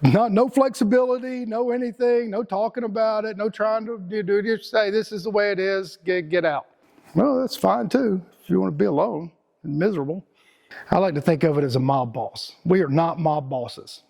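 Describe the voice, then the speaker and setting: A middle-aged man with a Texan accent hosts a casual, rambling motivational talk, repeating words and using slang. His voice sits high and is creaky and warm, at a moderate pace.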